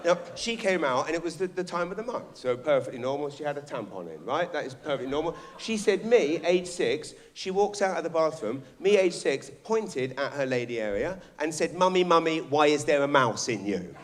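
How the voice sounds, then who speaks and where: A man's voice: on the high side, a little fast, hardly any pauses. An English man performing live stand-up comedy on a theatre stage, telling brash, sweary stories with lots of energy. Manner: brash, swearing, animated storytelling.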